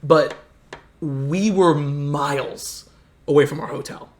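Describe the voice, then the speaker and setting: A man's voice: a little high, slow pace, a little hiss or hum. A man from the United States telling rambling, earnest travel stories in a casual chat. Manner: earnest, rambling anecdotes with many restarts. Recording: echoey room.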